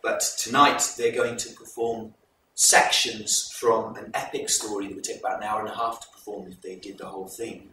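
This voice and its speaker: Bright-voiced man retelling a folk tale. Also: on the low side, level tone, slight background noise. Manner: measured, explanatory retelling. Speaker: presenter introducing a folk performance. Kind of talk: live storytelling to an audience. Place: live event hall. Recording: echoey hall recorded from far off.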